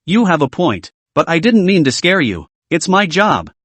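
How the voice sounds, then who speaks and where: A woman's voice: fairly low pitch, sing-song, normal speed, husky, no room sound. A man voicing a frightened young woman who works as a haunted-house actor and whines about being scared. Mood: whiny. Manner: whiny and complaining.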